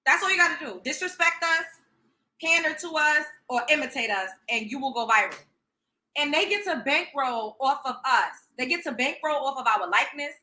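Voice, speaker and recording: A woman's voice: high voice, lively intonation, normal speed, bright, forceful tone. A woman hosting a livestream, reacting in a profane, sarcastic, emphatic rant. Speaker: livestream host. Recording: roomy echo.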